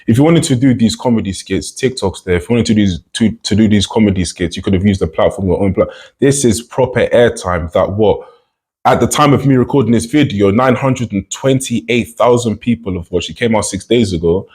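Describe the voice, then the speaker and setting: A British man giving casual reaction commentary with a husky, slightly low voice. He is chatty and drops "you know" all through his talk. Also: brisk, darkish tone. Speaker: commentary YouTuber.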